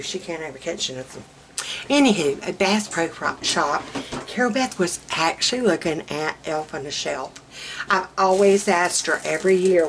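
A woman's voice: lowish voice, noisy background. A middle-aged woman, chatting casually and telling teasing, laughing stories as a co-host. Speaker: channel co-host. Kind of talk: casual chat.

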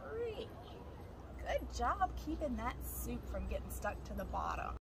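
A woman's voice: a little high, wildly swooping pitch, unhurried, vocal fry, noisy background. A woman guiding children through yoga moves, upbeat and encouraging, counting aloud. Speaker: kids' yoga leader.

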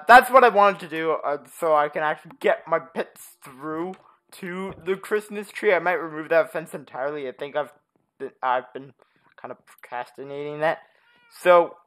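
Slow, lively casual game commentator. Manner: rambling, with frequent "uh" and "anyway"; jumps to a high, excited voice when calling the pets. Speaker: gaming channel host.

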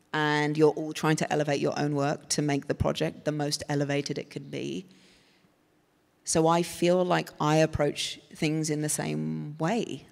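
Gravelly English woman in a hall. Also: sits low, darkish tone. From England. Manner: thoughtful, rambling, with many fillers and restarts. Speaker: guest actress. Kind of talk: live panel conversation. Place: stage at a festival panel. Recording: reverberant hall from a live event.

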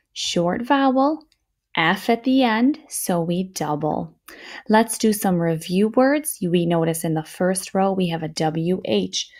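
A woman teaching a children's phonics lesson, speaking slowly and clearly, encouraging her listeners. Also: on the low side, darkish tone.

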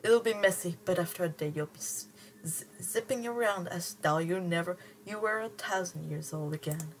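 A woman's voice: on the low side, normal speed, slight background noise, natural voice. A woman reading the lines of a cold, calculating boy mastermind in a clipped, condescending way.

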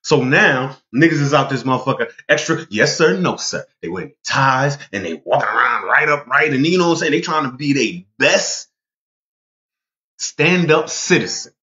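A man's voice: mid-range voice, expressive, moderate pace, pushed and bright, muffled recording. A man delivering a heated, profane monologue rant, emphatic and repeating himself to drive points home. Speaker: vlogger.

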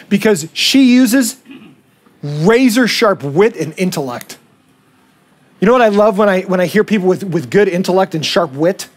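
A male pastor delivers a sermon in a high, lively voice. He is animated and switches into quoted voices as he goes. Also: normal speed, long pauses.

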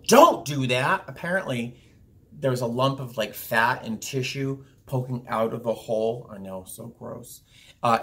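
A young man telling a personal story to his camera in a rambling, casual way, full of fillers and restarts. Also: mid-range voice. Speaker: vlogger. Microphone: camera viewfinder, talking to camera.

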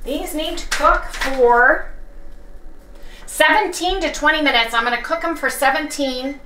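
A woman hosting a casual home cooking demonstration in her kitchen, chatting to viewers as she works and repeatedly saying how excited she is. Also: high voice, measured pace, a little hiss or hum. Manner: chatty, talks straight to viewers as "you guys". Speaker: home cook and channel host.

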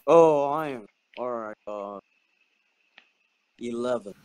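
A man's voice: mid-range voice, slow pace, darkish tone, clear, resonant tone, no echo. A young man co-hosting a casual group podcast over a voice call, blunt and joking, often stammering as he restarts. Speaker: podcast co-host.

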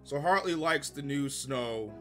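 A man giving a casual, profane, sarcastic review of a TV episode, exasperated and given to loud bursts of laughter. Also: on the high side, lively intonation, a little slow, soft background music. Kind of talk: casual ranting review commentary.

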